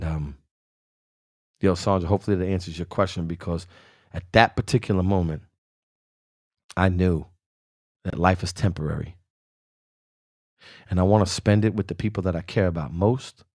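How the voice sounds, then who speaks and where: A man's voice: deep voice, warm tone, no room sound, studio quality. A man hosting a podcast, earnestly telling a motivational personal story in casual, slangy speech and addressing the listener by name. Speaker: podcast host.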